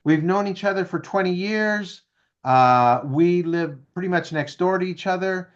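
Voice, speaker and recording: A man's voice: sits high, measured pace, muffled recording. A man being interviewed who tells a story with energy, acts out the dialogue and keeps asking "right?" and "okay?". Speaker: guest speaker.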